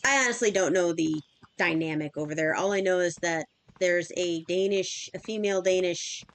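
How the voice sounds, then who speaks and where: A woman's voice: lowish voice, normal speed, smooth, no echo. A woman in her thirties chatting casually and rambling with fillers while streaming a game. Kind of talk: casual chat while gaming.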